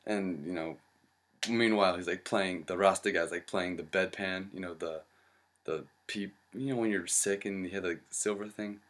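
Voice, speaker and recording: A young man casually pitching a comedy sketch storyboard, rambling with lots of fillers and acting out the lines. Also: fairly even intonation, moderate pace, a bit bright.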